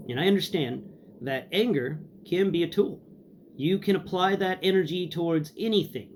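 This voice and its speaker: A man's voice: on the high side, slight background noise. A young man casually telling a dramatic personal story, acting out what people said. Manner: animated, dramatic, acts out dialogue. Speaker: host, storyteller.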